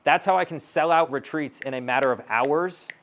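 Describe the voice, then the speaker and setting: A man's voice: fairly high pitch, normal speed, fairly bright tone. Brash swearing man giving a stage talk. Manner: brash, swaggering, acts out both sides of dialogues; swearing, blunt. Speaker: sales coach speaking on stage.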